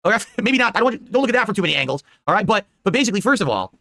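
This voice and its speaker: A man's voice: high voice, very animated, racing, creaky, noisy background. A man hosting a live political commentary stream, talking indignantly and rambling, with many "all right?" asides.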